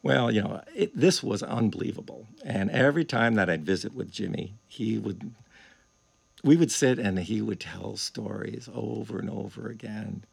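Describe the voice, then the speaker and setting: A male musician telling stories in a casual chat, animated and chuckling often. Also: fairly low pitch, moderate pace, creaky, husky. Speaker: guest musician. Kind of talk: casual storytelling.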